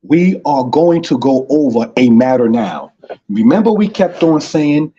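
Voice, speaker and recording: A man teaching Hebrew in an online lesson, with a dark, husky voice. He repeats himself often and addresses his listeners as brothers and sisters. The sound is dull and lo-fi, like a live stream. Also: medium pitch, animated, unhurried.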